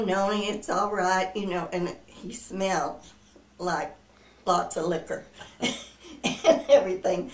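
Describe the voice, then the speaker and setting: A woman's voice: on the low side, echoey room, distant mic, rough recording. An older woman telling a family story in a home interview, laughing often as she talks.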